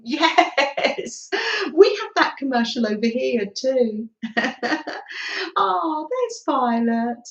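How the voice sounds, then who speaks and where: A middle-aged woman chats her way through a craft session, speaking slowly in a fairly high voice. She laughs easily and greets viewers by name as she works. The sound is roomy and a little dull, like a home livestream. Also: sing-song. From Britain. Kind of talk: casual live crafting chat with viewers.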